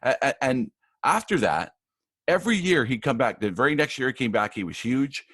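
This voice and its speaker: A man working as a live event AV producer, casually telling backstage anecdotes in an interview, with lots of restarts and animated retellings. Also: mid-range voice, normal speed, husky, dry recording, clean studio sound.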